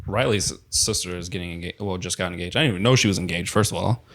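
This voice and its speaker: A man's voice: low voice, quick pace, fairly bright tone. Joking young man hosting a podcast. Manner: joking, loose, swears casually. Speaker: podcast host. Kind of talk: casual chat.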